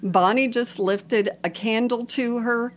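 A woman's voice: fairly high pitch, fairly even intonation, slow pace, slight background noise. Joking woman podcast co-host. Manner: playful, jokey, laughs often. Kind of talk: casual chat.

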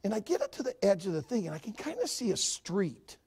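A man in his sixties preaching a sermon, telling a story and swinging from hushed to shouting. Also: sits high, sing-song, fast talker, husky. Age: 60s.

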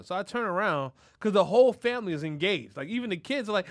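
A man hosting a podcast in casual chat, telling animated stories full of cursing and laughter. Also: sits high, fast talker, few pauses. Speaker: podcast host.

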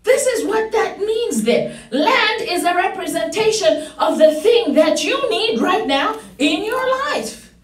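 A woman pastor preaching a sermon, growing excited and breaking into shouts and laughter. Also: very high voice, slow pace. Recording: roomy church hall, voice from far off.

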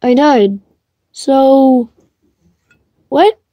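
High, excitable young woman gamer. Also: extremely slow, dry recording. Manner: excitable, shrieks and laughs when chased. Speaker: gamer streaming live play. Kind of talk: reactive gameplay commentary.

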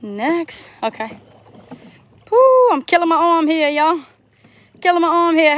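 A woman's voice: very high-pitched, very animated, a little slow, long pauses, a bit bright, no room sound. A young woman from Louisiana with a Southern accent, chatting to her viewers as she works on a boat on a bayou, talking into a phone. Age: young adult. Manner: chatty, greets viewers, talks while working. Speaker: vlogger, crawfisher. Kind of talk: live-streamed outdoor vlog. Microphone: phone held while working.

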